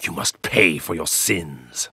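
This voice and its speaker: A sneering, gravelly evil god. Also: male voice, extremely low pitch, animated, slow pace, pushed and bright, dry recording, clean studio sound, heavily acted. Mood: contemptuous. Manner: haughty, contemptuous, grandiose. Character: arrogant evil god in a hero's body, male. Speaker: video game character. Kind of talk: game voice lines.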